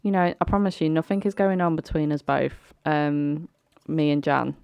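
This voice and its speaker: A woman voicing a fed-up, blunt middle-aged father who then softens into apologizing. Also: low voice, moderate pace, creaky, clear, resonant tone, no echo, muffled recording. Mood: apologetic.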